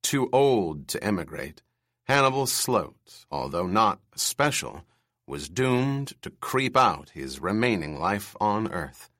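A man narrating an audiobook with a slow, deliberate pace. His mid-pitched voice moves through lively, wide-ranging intonation, and the recording is close and dry, with no room sound. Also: no echo. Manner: measured, expressive storytelling.

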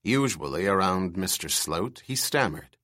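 A man narrating an audiobook with a slow, deliberate pace. His mid-pitched voice moves through lively, wide-ranging intonation, and the recording is close and dry, with no room sound. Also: no room sound. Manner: measured, expressive storytelling.

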